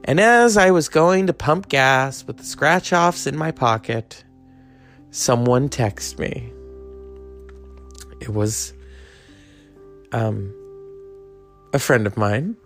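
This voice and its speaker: Gravelly man rambling through a comic podcast. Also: mid-range voice, a bit bright. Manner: rambling, joking, full of tangents. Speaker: podcast host. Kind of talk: casual comic monologue.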